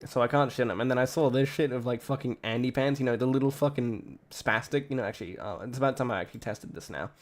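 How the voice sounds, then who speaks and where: A man's voice: medium pitch, fast talker, hardly any pauses. An Australian man streaming from a home setup, talking casually in a rambling, profane way that keeps breaking off mid-thought. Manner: rambling, profane, self-interrupting. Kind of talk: casual live-stream commentary.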